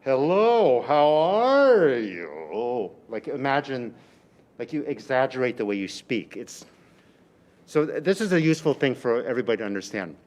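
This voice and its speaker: A man teaching a violin master class in a rehearsal room, coaching a student with lively, exaggerated phrasing and frequent restarts. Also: medium pitch, brisk. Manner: animated, exaggerated teaching delivery with repeated phrases.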